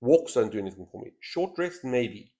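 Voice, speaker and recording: A man talking through his turns in a solo board game, voice rising and falling with a lively, animated range. He weighs options out loud in relaxed, casual commentary. He speaks into a thin headset boom mic. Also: normal speed. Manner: thinks aloud, weighing moves. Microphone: headset mic with a straw-like boom.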